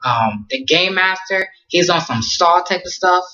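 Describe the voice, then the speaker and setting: Slangy man recapping an anime, bright voice. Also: sits high, animated, unhurried, lo-fi sound. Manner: slangy, rambling, many fillers and restarts. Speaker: anime reviewer. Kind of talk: casual episode recap.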